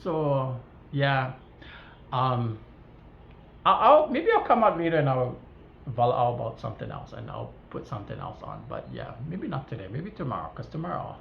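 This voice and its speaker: This Hawaiian woman has a creaky bass voice and talks at a moderate pace, ranting casually to her viewers from her home kitchen with a Hawaiian Pidgin-tinged accent. She acts out the dialogue in animated storytelling, recorded in a roomy, slightly dull space with faint hiss.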